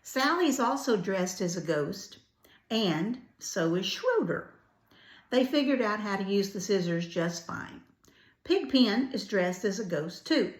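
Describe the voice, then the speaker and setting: An older woman reading a children's storybook aloud, gentle and adding chatty asides. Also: medium pitch. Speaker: grandparent storyteller. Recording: roomy echo.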